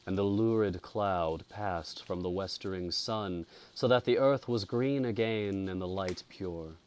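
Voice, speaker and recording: A male storyteller reading a ghost story in a slow, deliberate, atmospheric way. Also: low-pitched, slight background noise. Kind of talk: scripted narration of a ghost story.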